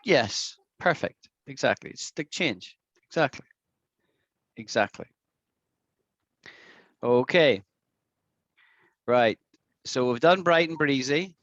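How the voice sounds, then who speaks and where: A man teaching an online English lesson, patiently repeating words slowly for his students to practice. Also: mid-range voice, expressive, fairly bright tone, dry recording, highs cut off. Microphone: video call.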